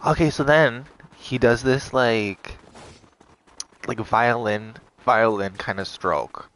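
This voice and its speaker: A young male vlogger casually tells a story to the camera, animated and swearing, laughing, and raising his voice to quote others. His voice is mid-range and his pace slow.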